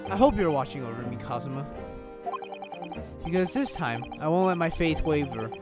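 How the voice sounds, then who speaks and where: A man's voice: fairly high pitch, animated, moderate pace, pitched below the performer's own voice, natural voice. A man voicing a young male Japanese law student, earnest and resolute. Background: game music.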